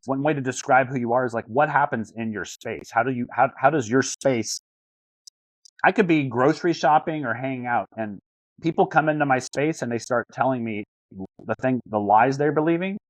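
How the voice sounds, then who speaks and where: On a video call, a man working as a life coach speaks earnestly and searchingly, often stumbling and repeating words before a thought lands. His mid-pitched voice sounds dry and close with no room around it, at a normal speed, and the recording is rough.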